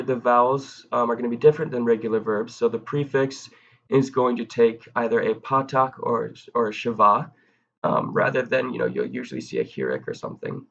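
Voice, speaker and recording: A man giving a recorded video grammar lesson in a casual, halting way, with frequent ums and self-corrections. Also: mid-range voice, gravelly, dull audio. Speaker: grammar teacher.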